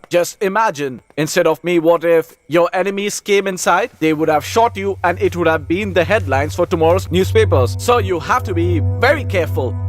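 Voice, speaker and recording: A nervous young intruder in a dubbed film, pitched fairly high and speaking dry and close. He rambles on deferentially, piling on polite sirs, with faint music underneath. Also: dry recording. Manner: rambling and deferential, keeps saying sir. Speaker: dub actor.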